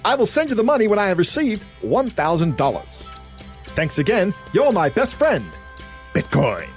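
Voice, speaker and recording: A man voicing a chummy, gullible scam target in a put-on Australian accent, pitched high and bouncy. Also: huge pitch swings, a little fast, soft background music. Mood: gushing eager.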